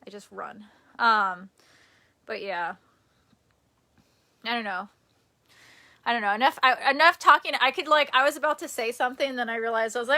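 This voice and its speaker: A young woman from the United States chatting casually on a live stream at home, self-deprecating and quick to laugh. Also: fairly high pitch, bright, forceful tone. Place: indoors at home near a bed. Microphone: phone or camera on a tripod.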